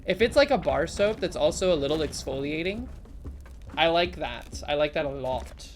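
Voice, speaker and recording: A woman's voice: sits low, lively intonation, normal speed. A young adult woman streaming, chatting playfully and reading chat aloud. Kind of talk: casual live-stream chat.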